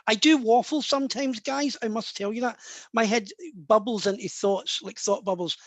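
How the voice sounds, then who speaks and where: A man's voice: sits high, moderate pace, no echo. A middle-aged man, a spiritual medium, answering questions in a rambling, chatty way with frequent restarts and laughs. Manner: rambling, self-interrupting, laughs often. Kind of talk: casual live Q&A chat.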